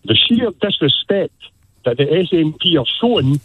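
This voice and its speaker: A man's voice: fairly high pitch, very animated, normal speed, breathy edge, no room sound. A Scottish man calling in to a radio talk show, speaking passionately and emphatically, often repeating his points. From Scotland. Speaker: caller. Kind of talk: phone-in radio call. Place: on the phone, calling in. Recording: tinny phone line.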